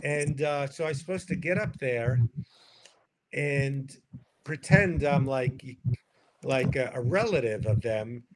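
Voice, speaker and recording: A man's voice: mid-range voice, takes it slowly. An older man, a comedian, telling a rambling self-deprecating story on a livestream call, full of restarts. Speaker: comedian, stream co-host. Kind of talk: casual storytelling chat. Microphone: livestream video call mic. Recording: noisy stream audio.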